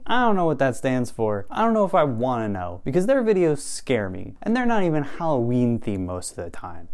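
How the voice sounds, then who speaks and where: A man's voice: a little high, darkish tone, smooth. A man hosting a reaction commentary from home, sarcastic and profane and laughing often. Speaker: commentary host.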